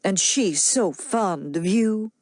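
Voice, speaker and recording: A woman voicing a smooth, crafty grown man who coaxes and persuades without hurrying. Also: mid-range voice, expressive, slow pace, darkish tone, no echo. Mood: persuasive.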